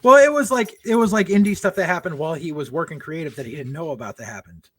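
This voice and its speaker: A man's voice: a little high, lively intonation, fast, a bit bright, slightly rough. Rambling, profane man telling road stories. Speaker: podcast co-host. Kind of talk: casual storytelling chat.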